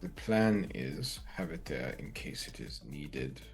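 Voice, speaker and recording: A man playing a tabletop game, laying out plans in character in a deliberate way. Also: extremely low pitch, lively intonation, vocal fry. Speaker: player.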